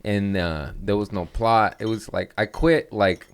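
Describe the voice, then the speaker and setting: Laid-back joking man, low voice. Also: unhurried, clean tone. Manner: loose, joking storyteller, coughing and laughing. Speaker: comedian host. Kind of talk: casual chat.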